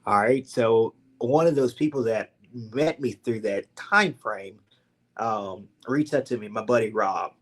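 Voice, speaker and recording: Animated young Southern man telling stories. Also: on the low side, a little slow. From Louisiana, USA. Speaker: podcast guest. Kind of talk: casual storytelling.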